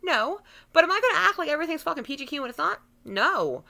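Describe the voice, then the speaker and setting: A thirties-aged woman vlogger rants profanely and bluntly into the camera. Her voice is bright, lively and creaky, ranging widely in pitch as she speaks quickly and heatedly.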